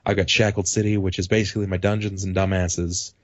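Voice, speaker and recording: Low-voiced man rambling about his games. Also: fast, no echo, dull audio. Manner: animated, rambling, swears casually. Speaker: podcast guest, tabletop game master. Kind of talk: casual podcast chat.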